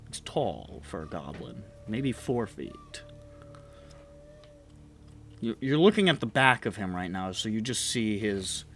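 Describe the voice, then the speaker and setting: A man's voice: fairly low pitch, a bit bright, a little hiss or hum. A man narrating a tabletop game as game master, casual and profane with frequent laughs.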